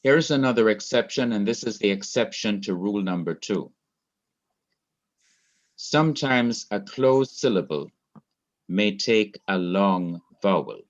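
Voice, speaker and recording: A low-voiced man with a Jamaican accent teaches grammar over an online class, taking his time and saying each rule twice so it sinks in. The audio is dull and lo-fi. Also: lively intonation. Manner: slow, repeats key rules for emphasis. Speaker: Hebrew teacher.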